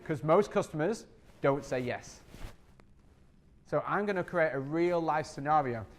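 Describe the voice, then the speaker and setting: A man with a fairly high voice runs a sales training workshop at an unhurried pace. He's energetic and repetitive, frequently acting out scenes with customers as he goes.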